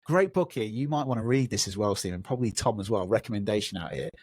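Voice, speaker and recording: A man's voice: fairly low pitch, quick pace, dry recording. A man in his thirties hosting a podcast, telling stories in a casual chat and acting out the voices of the people in them. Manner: animated storyteller who acts out voices. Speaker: podcast host.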